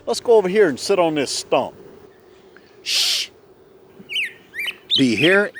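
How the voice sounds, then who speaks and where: A man talks in a casual, coaxing way, often dropping to a hush. His voice is a little high and swings widely in pitch. Faint music plays beneath him. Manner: hushed, coaxing, folksy. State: a bit out of breath. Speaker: vlogger. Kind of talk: casual outdoor vlog and how-to talk. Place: outdoors in woods.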